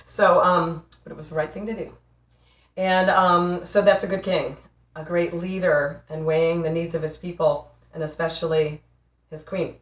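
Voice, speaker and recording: Brief: emphatic, playful woman in her forties coaching on love, slightly low voice, roomy. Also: fairly even intonation, normal speed, distant mic. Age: 40s. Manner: emphatic, playful, laughs often. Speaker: relationship coach. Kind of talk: motivational talk to camera. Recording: echoey room, voice off mic.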